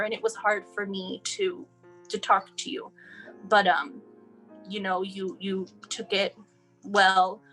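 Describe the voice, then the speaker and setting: A young El Paso, Texas woman recounts her child's story in an interview, emotional and full of restarts as she performs the dialogue. She speaks slowly in a mid-range, fairly bright voice with little pitch movement. Faint music plays behind the low-quality recording.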